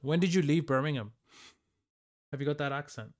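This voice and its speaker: A man's voice: fairly high pitch, a little fast, a little mellow. A man streaming live, chatting loosely with his viewers and answering their messages aloud. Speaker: livestreamer.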